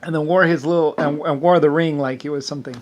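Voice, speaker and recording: A man talks in a loose, rambling monologue, his voice sitting a little higher than most men's. He stops and starts, repeats words, fills the gaps with "um" and "like", and lets out small chuckles as he goes. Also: steady tone, a little hiss or hum. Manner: halting, repeats words, many fillers, chuckles often.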